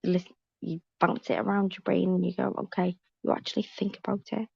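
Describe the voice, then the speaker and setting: A woman's voice: fairly low pitch, level tone, fast talker, vocal fry, husky, no echo. A woman chatting on a live stream panel, blunt and emphatic, repeating points for weight. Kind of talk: casual chat, storytelling. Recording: dull lo-fi stream audio.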